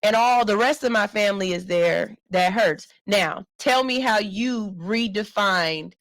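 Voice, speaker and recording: Middle-aged woman, radio host, mid-pitched, candid and chatty, dry studio sound. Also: measured pace, no echo, rough recording. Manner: candid, personal, reads listener comments aloud. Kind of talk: casual talk radio chat.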